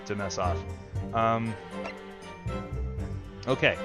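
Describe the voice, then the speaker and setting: A man streaming himself playing a game, chatting casually in a playful way. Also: medium pitch. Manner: playful, lively, prone to laughing. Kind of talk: casual live game commentary. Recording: game music behind the voice. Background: game music.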